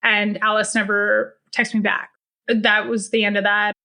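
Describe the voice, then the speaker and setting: A woman's voice: mid-range voice, little pitch movement, a little slow, sharp tone. A woman telling her own story on a podcast, blunt and profane, acting out the dialogue with emphasis. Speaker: podcast guest sharing a personal story. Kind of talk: first-person storytelling.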